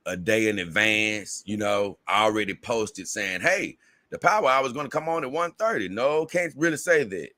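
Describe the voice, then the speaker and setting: Bright-voiced Southern man chatting on a livestream. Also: low voice, no echo. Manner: rambling, repeats words, laughs often. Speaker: livestream host. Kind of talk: casual livestream chat reading viewer comments.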